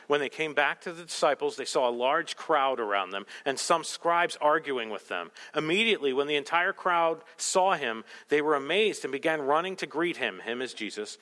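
A male pastor preaches with an impassioned delivery, pressing his points up to emphatic peaks. His fairly high, bright voice cuts through. The sound rings out with the long reverb of a church sanctuary. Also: lively intonation, moderate pace, hardly any pauses. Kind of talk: sermon. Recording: long reverb of a large hall.

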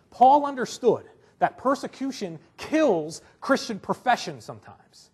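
Husky-voiced male preacher, conversational. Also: sits high, big pitch swings, a little slow, darkish tone. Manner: conversational preaching, acts out quotes, often asks "right?". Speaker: pastor. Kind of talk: sermon.

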